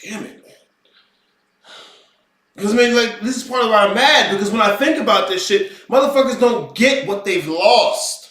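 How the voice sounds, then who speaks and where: A man's voice: high voice, moderate pace, pauses often, a bit bright. A man giving an unscripted, ranting lecture as an occult teacher, profane and mocking in tone. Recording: roomy echo, voice far from mic.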